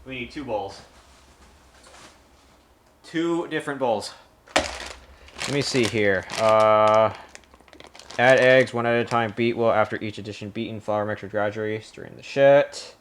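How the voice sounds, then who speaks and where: Breathless guy cooking on stream, cussing, reading the recipe out loud, faint hiss and clicks behind him. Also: lowish voice, unhurried, long pauses. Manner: rambling, swears often, reads recipe aloud. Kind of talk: casual live-stream chat while cooking.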